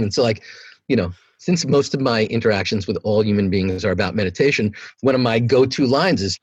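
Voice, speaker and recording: A man from New York, a meditation teacher and podcast guest, talking in a relaxed way and telling stories in which he acts out the voices of the people he quotes. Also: moderate pace, breathy edge, no echo, dull audio. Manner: animated storyteller who acts out quoted dialogue in a higher voice. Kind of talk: relaxed storytelling conversation.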